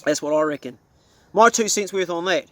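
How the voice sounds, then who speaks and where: A man's voice: high voice, brisk, no room sound. A middle-aged man with a New Zealand accent, a hunting vlogger ranting casually to camera in a blunt, profane, folksy way.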